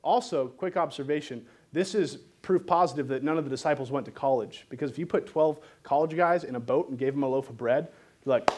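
A man preaching a sermon, reading scripture and explaining it in an animated, joking style. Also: mid-range voice, brisk.

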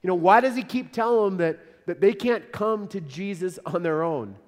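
Pastor, male, slightly high voice, earnest conversational sermon, long church reverb. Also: moderate pace. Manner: earnest, conversational preaching with repeated words.

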